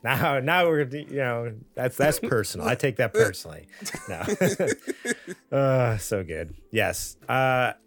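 A man's voice: mid-range voice, very animated, slow, a bit bright. A man co-hosting a podcast, laughing often and riffing in casual chat. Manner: laughs often, riffs on ideas. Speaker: podcast co-host.

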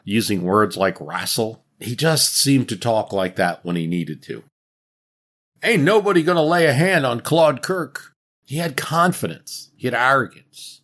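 A man's voice: fairly low pitch, fairly bright tone. A man narrating a scripted history podcast as its host, dramatic and wry. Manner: dramatic storytelling with wry asides.

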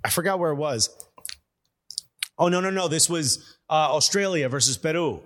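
Young guy cohosting, kinda high voice, laughs a lot, does little voices for people in his story. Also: normal speed. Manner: animated storyteller, laughs often, acts out quotes. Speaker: podcast co-host. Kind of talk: casual chat.

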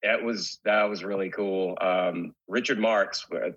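Brief: man, low husky voice, candid rambling interview guest, slightly muffled recording. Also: steady tone, unhurried, a bit bright. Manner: candid, rambling with many restarts. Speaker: guest, rock singer. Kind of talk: casual interview chat.

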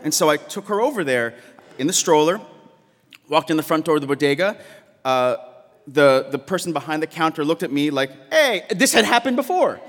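A man telling a personal story on stage, halting and repeating words, often laughing as he speaks. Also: a little high, lively intonation, in a large hall.

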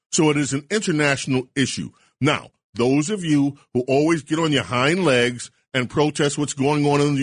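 A man's voice: a little high, breathy edge, no room sound. A man hosting a talk radio show, delivering an opinionated monologue in a sarcastic, indignant and preachy way.

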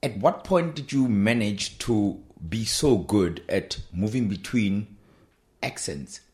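A man's voice: on the low side, animated, slow pace, a little mellow. A man hosting a podcast, teasing his guest and stumbling over his starts. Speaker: podcast host. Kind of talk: casual podcast chat.

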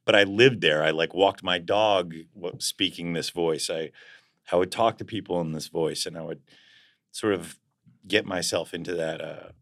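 A man's voice: deep voice, moderate pace, a bit bright. A man being interviewed as a guest actor, talking in a reflective, casual way and searching for words as he goes.

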